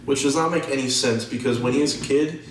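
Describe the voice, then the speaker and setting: A young man in casual podcast chat about movies, rambling and animated. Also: medium pitch, quick pace. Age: young adult. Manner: rambling, animated, mocks actors' accents. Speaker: podcast co-host. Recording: echoey room, distant mic, faint noise.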